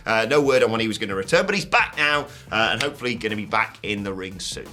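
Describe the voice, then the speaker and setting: A man's voice: fairly low pitch, lively intonation, fast, bright, forceful tone. A man hosting a wrestling news show, chatting casually and joking, with plenty of fillers. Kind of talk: casual podcast chat.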